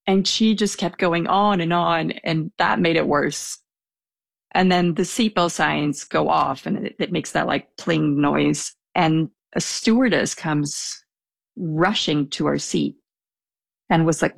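A woman's voice: sits low, unhurried, gravelly, dry recording. A young woman telling a personal anecdote in a casual, hesitant way, with small laughs. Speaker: storyteller guest.

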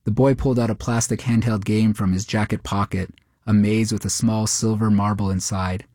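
A man narrating a short story in a steady, measured way. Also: lowish voice, dry recording, studio quality.

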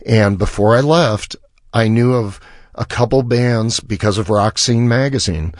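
A musician appears as a guest on a radio show, animatedly telling a long story and acting out the dialogue of the people in it. His voice is on the low side and a little slow, recorded with clean studio sound and no echo.

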